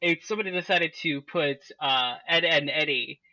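A man's voice: a little high, moderate pace, pushed and bright, no echo, highs cut off. A young man co-hosting a podcast, rambling in casual chat and breaking into laughter. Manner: rambling, many fillers and restarts, breaks into laughter. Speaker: podcast co-host.

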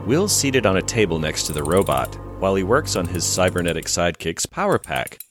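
A man's voice: low voice, big pitch swings, fairly quick, music in the background. A man co-hosting a podcast who narrates an episode recap with dramatic storytelling. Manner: dramatic, storytelling, acts out dialogue. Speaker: podcast co-host.

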